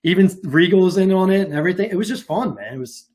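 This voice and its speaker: A man's voice: high-pitched, expressive, fast, darkish tone. A man co-hosting a casual wrestling podcast, rambling with plenty of fillers. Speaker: podcast co-host.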